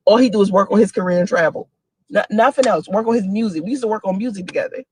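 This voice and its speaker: A woman in her forties telling personal stories in a casual video, animated and often laughing, with dramatic jumps in pitch. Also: fast, a little hiss or hum. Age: 40s. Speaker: single mother telling stories to a friend.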